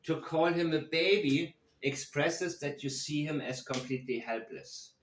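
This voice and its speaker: Man commentator, slow and deliberate, analytical, room echo on the voice. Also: fairly high pitch, slight background noise. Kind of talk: true-crime video commentary. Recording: roomy echo.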